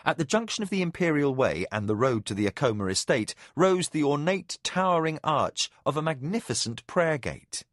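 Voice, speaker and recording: A man reading a fantasy novel aloud in measured, expressive scripted narration. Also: on the high side, no echo, studio quality. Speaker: audiobook narrator.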